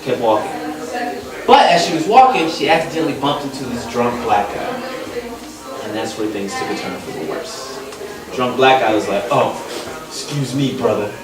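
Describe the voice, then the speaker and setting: A young man from Los Angeles doing a stand-up comedy set, loud on punchlines and dropping low for asides. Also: lively intonation, normal speed. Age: young adult. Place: comedy club stage. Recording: echoey live room, mic far off, crowd laughter.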